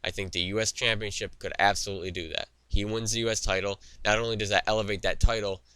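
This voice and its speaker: A young man with a low, crisp voice rants about wrestling on his own show. He talks in an opinionated, rambling way, with lots of fillers and restarts. The sound is dry and close, with almost no room echo. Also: level tone, fast, a bit bright. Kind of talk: solo opinion commentary. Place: studio.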